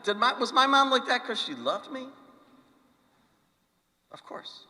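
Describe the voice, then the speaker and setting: A man's voice: very high-pitched, unhurried. A male priest giving a conversational homily, telling stories and asking the congregation questions. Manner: animated storytelling with questions to the congregation. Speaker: pastor. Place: church. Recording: long church reverb.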